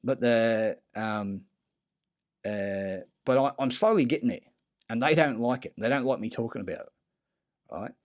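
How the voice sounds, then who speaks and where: Brief: man, mid-pitched, rambling conspiracy monologue, swears a lot, stumbles and restarts. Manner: profane, halting, many fillers and restarts. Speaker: conspiracy talker.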